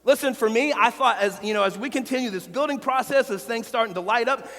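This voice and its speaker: A man preaching a sermon as pastor, earnest and personal, with quiet confessional stretches. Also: very high-pitched, fast talker, long reverb tail. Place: church sanctuary.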